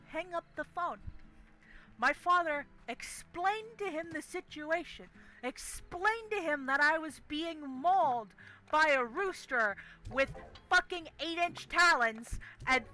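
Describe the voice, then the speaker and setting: A young woman on a game stream tells a story with swearing and emphasis. Her voice is high and bright, and faint music plays under it. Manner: animated, profane, emphatic storyteller.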